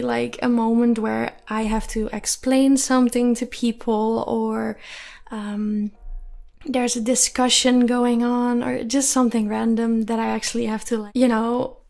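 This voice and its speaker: A young woman in her twenties talks through a relaxed solo podcast, her soft, calm voice sitting a little high with a gravelly edge of fry. She rambles and laughs easily as she goes. Faint music plays quietly behind her. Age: 20s. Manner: rambling, giggly, many fillers. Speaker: podcast host. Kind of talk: casual solo podcast chat.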